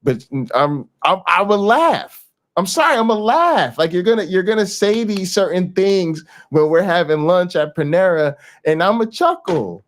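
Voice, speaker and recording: A man hosting a casual commentary show, talking in a mocking, animated way and often repeating himself. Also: high-pitched, normal speed. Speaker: host.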